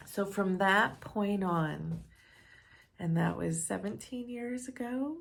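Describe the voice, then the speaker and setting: A woman who works as a counselor, telling a personal story in a calm, reflective and earnest way. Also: mid-range voice, takes it slowly, gravelly.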